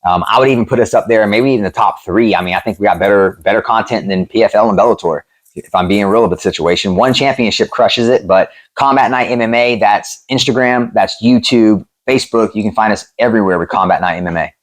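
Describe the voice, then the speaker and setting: Low-voiced man telling fight stories. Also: quick pace. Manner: animated, profane, acts out quotes. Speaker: MMA promoter and former fighter, guest. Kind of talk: casual storytelling interview.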